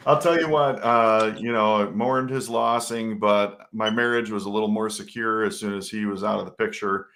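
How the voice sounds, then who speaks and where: A man's voice: on the low side, steady tone, normal speed, few pauses, a bit bright. A man co-hosting a casual podcast chat, joking often and greeting live viewers by name. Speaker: podcast co-host.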